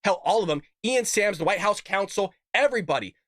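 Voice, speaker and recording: A man's voice: sits high, expressive, fairly quick, fairly bright tone, no room sound, clean studio sound. A man hosting a political commentary show, combative and emphatic, talking straight to his viewers and reading out quotes. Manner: reads out quotes and tweets.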